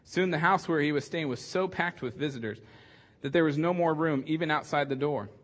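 A man's voice: a little high, brisk. A man preaching a casual sermon as pastor, conversational and joking, with many fillers and restarts.

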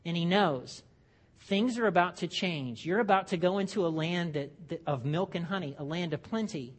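A man's voice: high voice, normal speed. Conversational male pastor preaching. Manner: conversational, joking asides, frequent restarts. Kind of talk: sermon. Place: church.

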